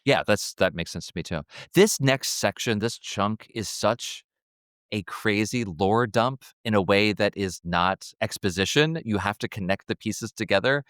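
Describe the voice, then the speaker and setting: Low, smooth-voiced man gushing about a film. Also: measured pace, dry recording, studio quality. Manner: excitable, laughs, trailing restarts. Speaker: podcast co-host. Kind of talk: casual film discussion.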